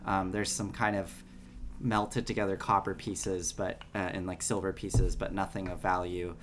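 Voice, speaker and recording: A man running a tabletop game stream as game master, relaxed and full of fillers. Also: low-pitched, normal speed, noisy background.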